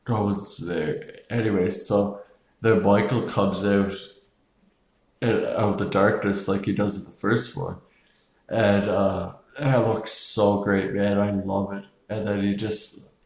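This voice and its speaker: A man's voice: lowish voice, creaky, a little mellow. A man casually reviewing a horror film in a loose, rambling, profane way, with frequent chuckles and filler words. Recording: echoey room.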